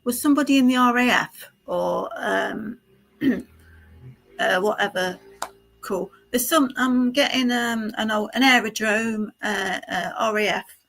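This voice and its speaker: A woman with a bright, clear voice gives a live psychic reading. She talks in a halting, meandering flow, full of fillers and self-corrections. She keeps checking in with the sitter, asking "isn't it?" and "don't you?". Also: a little high. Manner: halting, stream-of-consciousness delivery with many fillers and restarts; addresses the sitter directly, checking in with tag questions. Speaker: psychic medium.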